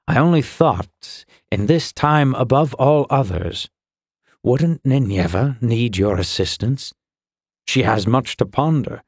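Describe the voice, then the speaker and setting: A male narrator voicing a gruff, dry-humored older fire warrior in an audiobook. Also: medium pitch, animated, slow, no room sound, full character voice. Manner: grumbling, wry.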